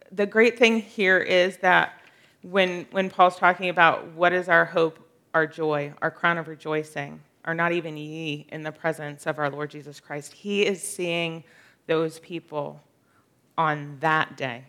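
A woman's voice: on the low side, vocal fry, sharp tone. A woman teaching a casual Bible study, earnest and conversational, with frequent fillers and light laughter.

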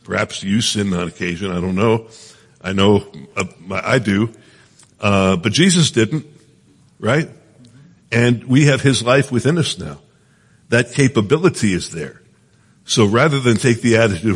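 Low husky preacher in a reverberant hall. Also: male voice, normal speed, pauses often. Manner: earnest, asks the listeners often, many restarts. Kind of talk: conversational Bible teaching.

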